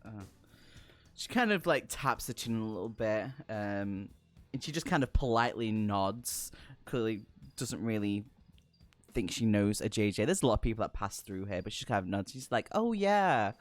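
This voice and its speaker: A man running a tabletop game as game master, narrating in a relaxed, rambling way. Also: lowish voice, normal speed, faint music behind. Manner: relaxed, many fillers and restarts.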